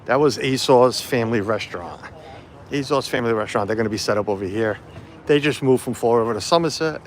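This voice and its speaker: With his phone camera in hand, a vlogger livestreams as he wanders a festival site, talking in a loose, filler-heavy ramble. His medium-pitched voice is fast, and slight noise sits in the background.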